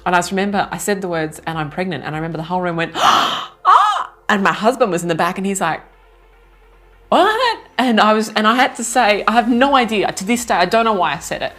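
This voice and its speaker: A woman in her thirties, a business coach telling a story casually to camera in an animated, self-mocking way, laughing now and then. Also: mid-range voice, very fast, few pauses, soft background music. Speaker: retreat organizer and business coach.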